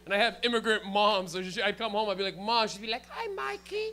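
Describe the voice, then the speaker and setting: A young stand-up comedian delivers a loose, profane set to a live comedy-club audience, riffing with the crowd and laughing at his own jokes. His high, bright voice is forceful, steady in tone, and quick.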